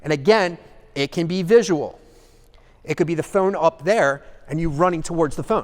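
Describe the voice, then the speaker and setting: Higher-voiced man teaching in an echoey hall. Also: brisk. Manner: animated, acts out examples, asks the audience "okay?". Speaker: seminar speaker. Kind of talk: live seminar talk.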